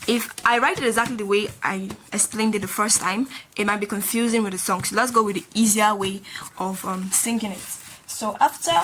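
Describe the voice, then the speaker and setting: A woman teaching a beginner language lesson, patiently repeating each sound slowly as she writes. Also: medium pitch, fairly even intonation, a bit bright, slight background noise. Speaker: Korean teacher.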